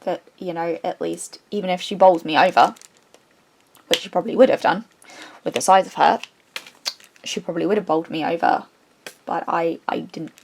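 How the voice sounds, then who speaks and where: Woman, craft vlogger, casual chat, animated rambling storyteller who restarts her sentences a lot. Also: fairly low pitch, moderate pace, vocal fry, pauses often, slight background noise.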